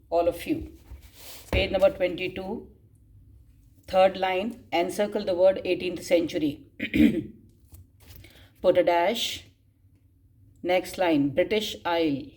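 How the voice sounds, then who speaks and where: Woman teacher reading notes aloud for students to copy, very slow, repeats phrases, coughs often. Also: on the low side, darkish tone. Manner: slow dictation, spelling out words and repeating phrases; frequent coughs and throat clearing. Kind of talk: dictating class notes.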